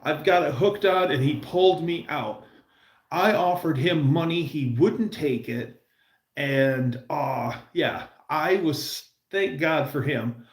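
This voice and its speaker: A man's voice: on the high side, slow pace, roomy sound. A man hosting a livestream, telling a rambling car story with restarts and laughs. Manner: rambling, self-interrupting anecdotes with laughs. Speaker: livestream host. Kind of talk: casual storytelling.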